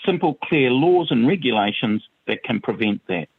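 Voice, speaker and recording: A man's voice: mid-range voice, animated, normal speed, husky. A man from New Zealand giving opinionated political commentary on a talk radio show, calling in by phone and stressing his words emphatically. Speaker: guest commentator. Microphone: phone call. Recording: tinny phone line.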